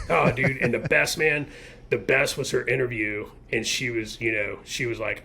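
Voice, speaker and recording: A man's voice: medium pitch, steady tone, normal speed, creaky, sharp tone, a little hiss or hum. Blunt, rambling man podcasting. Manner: rambling, blunt, heavy filler words. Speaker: podcast co-host. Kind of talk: casual opinionated chat.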